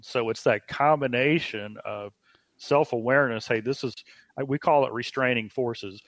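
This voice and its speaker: A man speaking as a guest on a podcast, explaining ideas in a slow, reflective way. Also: medium pitch, fairly bright tone, no echo. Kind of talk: casual podcast conversation. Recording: dry, slightly dull sound.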